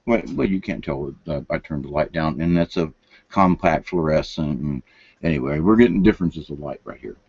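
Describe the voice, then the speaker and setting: A man's voice: very deep voice, normal speed, a little mellow, husky, no room sound. An older man, rambling folksy and meandering through a late-night monologue at home. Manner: folksy, meandering, drops to whispers. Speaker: vlogger. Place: home room, lights turned down. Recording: dull lo-fi sound.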